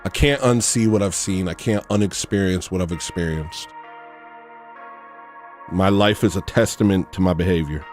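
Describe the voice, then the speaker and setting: A man's voice: deep voice, normal speed, a little mellow, soft background music. A man hosting a livestream, ranting in a blunt, rambling way with frequent restarts. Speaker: livestream host. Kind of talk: casual livestream rant.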